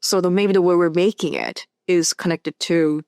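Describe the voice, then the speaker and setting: A woman film director speaking as a guest in a casual interview, thinking aloud in a halting way with many restarts. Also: lowish voice, fairly even intonation, a little mellow, clean tone, dry recording, clean studio sound. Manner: thoughtful, halting, full of "like" and restarts.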